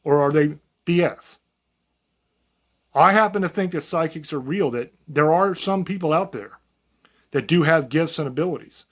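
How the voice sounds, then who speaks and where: A man's voice: a little high, normal speed. A man giving an unscripted monologue to camera as a channel host, talking in a blunt, profane, folksy and rambling way.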